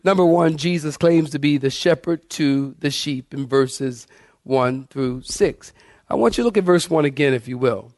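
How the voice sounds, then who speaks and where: A man's voice: on the high side, moderate pace, a little mellow, no room sound. Emphatic male preacher, dry sound. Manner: preacher addressing congregation as saints, asking them to follow along; emphatic, varying pace and volume for effect. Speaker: pastor. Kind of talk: expository sermon reading scripture.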